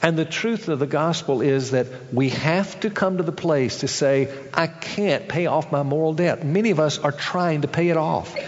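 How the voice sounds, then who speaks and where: A man's voice: moderate pace, hardly any pauses, long reverb tail, lo-fi sound. A male pastor preaching a sermon, acting out the people in a parable with changes of voice. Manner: acts out characters in a story, shifting pitch for each.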